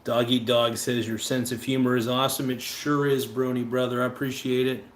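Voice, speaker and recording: A man's voice: medium pitch, little pitch movement, a little fast. A man hosting a casual livestream, rambling and joking with viewers between offhand remarks. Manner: rambling, joking, breaks into improvised sung rhymes. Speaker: livestream host. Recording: echoey room, faint ambient noise.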